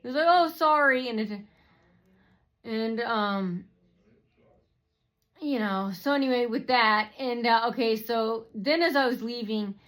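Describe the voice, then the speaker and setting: A woman's voice: on the high side, unhurried, long pauses. A woman vlogger ranting to her viewers in a rambling, repetitive way, full of fillers and swearing. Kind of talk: rambling personal rant to camera.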